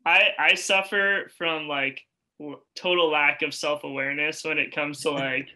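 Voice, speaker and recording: A man's voice: a little high, fairly even intonation, moderate pace, pushed and bright, low-quality recording. A man in a casual chat who rambles in a self-deprecating way, with many fillers like "um" and "like.". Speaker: youth ministry podcast co-host.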